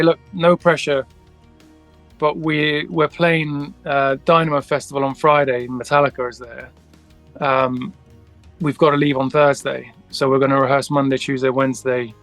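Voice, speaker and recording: A man's voice: a little high, level tone, normal speed, a bit bright, dry recording, soft background music. A man, a guest musician, telling a long story in a casual interview, rambling with many restarts and acting out the dialogue.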